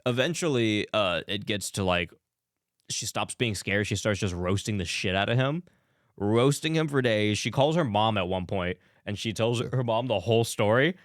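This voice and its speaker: Guy with a lowish voice rambling through a story, says like a lot, swears, dry close mic. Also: normal speed, no echo. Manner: loose, profane storytelling with many fillers and quoted voices. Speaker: podcast co-host. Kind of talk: casual chat recapping a reality show.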